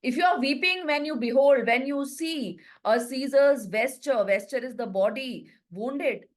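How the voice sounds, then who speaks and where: A woman, a literature teacher who reads a line of the play slowly and then restates it in plain words. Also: high-pitched. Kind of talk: reading and explaining a play.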